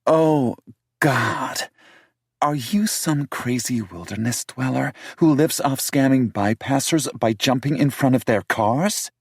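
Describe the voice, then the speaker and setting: A haughty young city businesswoman bristles and fires back sharp, defensive retorts, as a male audiobook narrator pushes his voice up high to put her on. Her tone sounds pitched well above a man's range, a bit husky and thin, and it's recorded dry and close. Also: slow, no echo. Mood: indignant. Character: prickly young city businesswoman, indignant and stubborn.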